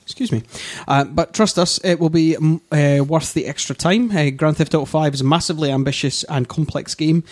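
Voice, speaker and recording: A Yorkshire man talks through gaming news on a casual podcast, his voice sitting a little high. He pads his reading with ums and uhs and breaks into laughter now and then. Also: brisk, hardly any pauses. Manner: laughs often, reads news quotes with fillers. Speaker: podcast host.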